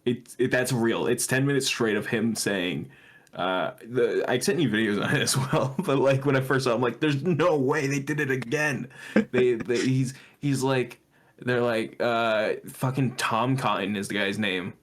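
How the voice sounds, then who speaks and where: A man's voice: mid-range voice, normal speed. Swearing, joking male podcast host. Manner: profane, laughing, riffing on jokes. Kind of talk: casual chat.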